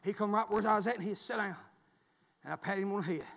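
A man preaching a sermon, swinging from quiet storytelling to shouted preaching. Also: high-pitched, fast, vocal fry, big-room sound. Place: church.

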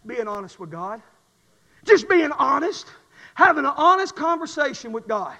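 A middle-aged man preaching a sermon, swinging from quiet testimony to shouted fervor. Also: extremely high pitch, sing-song, moderate pace, vocal fry, in a large hall, highs cut off.

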